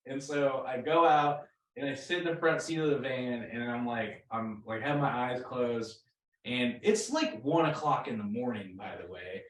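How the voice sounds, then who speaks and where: A man's voice: mid-range voice, moderate pace. Young man, band member, casual rambling anecdote, filler-heavy, echoey room, mic far off. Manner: rambling, full of fillers and restarts, laughing at his own story. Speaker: rock band member, podcast guest. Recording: roomy echo, mic at a distance.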